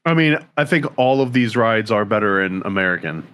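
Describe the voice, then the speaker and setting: A man's voice: lowish voice, expressive, a little fast, a bit bright, clean tone. A man co-hosting a podcast, joking wryly and retelling a plot in casual chat. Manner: wry, joking, retells plots. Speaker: podcast co-host.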